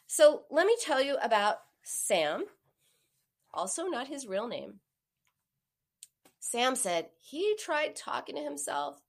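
A woman gives a coaching talk in a fairly high, very lively voice. She takes her time over each phrase. She acts out the voices she quotes. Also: slow, creaky, long pauses. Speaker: therapist or coach giving a talk. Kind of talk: motivational talk on binge eating.

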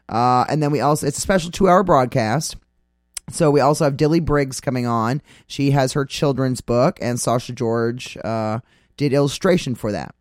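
A man's voice: mid-range voice, dry recording, studio quality. A man hosting a casual talk radio show, rambling with many fillers as he reads out upcoming gig listings.

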